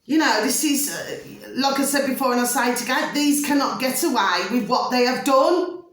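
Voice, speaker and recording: A woman's voice: high-pitched, normal speed, a bit bright. A woman talking emphatically to camera in a casual rant, repeating questions to her viewers. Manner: repetitive, keeps asking "do you see what I'm saying"; emphatic, peppered with "flipping". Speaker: video blogger. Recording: echoey room.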